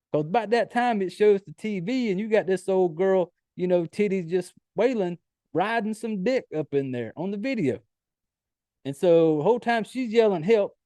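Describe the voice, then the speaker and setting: A man's voice: high-pitched, warm tone, dry recording, clean studio sound. A man casually recapping a horror film on his podcast, swearing freely and stumbling through fillers as he retells scenes. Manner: loose, profane storytelling with many fillers. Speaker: podcast host. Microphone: home computer setup.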